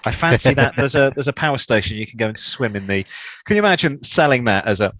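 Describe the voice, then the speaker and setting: A man's voice: mid-range voice, lively intonation, quick pace, fairly bright tone, no room sound. A man co-hosting a car podcast, chatting in a jokey, rambling way with dry sarcasm. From England. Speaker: podcast co-host. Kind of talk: casual chat.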